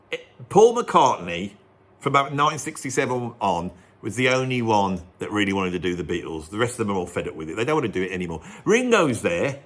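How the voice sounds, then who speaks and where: A man presenting a music video in an animated, rambling storytelling monologue. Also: on the low side, breathy edge. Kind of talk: casual monologue.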